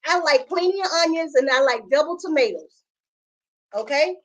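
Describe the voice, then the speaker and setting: A woman's voice: high-pitched, expressive, normal speed. A woman co-hosting a podcast, telling a story in casual chat with emphatic, indignant repetition. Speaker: podcast co-host.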